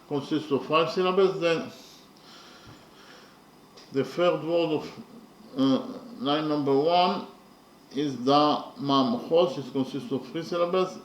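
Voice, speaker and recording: A man teaching poetry in a slow, methodical lecture, counting syllables carefully and pausing often with fillers. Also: on the high side, roomy sound, slight background noise, poor audio.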